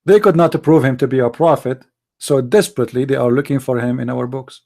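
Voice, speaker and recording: Hosting a live debate stream, a man argues emphatically, firing off rhetorical questions in non-native grammar. His voice is medium-pitched and dark-toned with vocal fry, and he talks a little fast.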